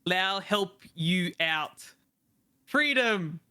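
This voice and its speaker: Eager bird creature, halting broken speech, bright clear tone, dry close sound, played by a man. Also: sits high, lively intonation, voice pushed up, exaggerated voice. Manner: slow broken speech, repeats single words. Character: eager bird-like male creature with few words.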